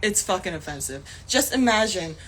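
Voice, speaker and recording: A woman's voice: fairly low pitch, expressive, normal speed, a bit bright, breathy edge. A young woman talking into her phone on a livestream, angry and heated, swearing often and laughing in frustration. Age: young adult. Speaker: actor streaming live. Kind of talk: casual livestream rant.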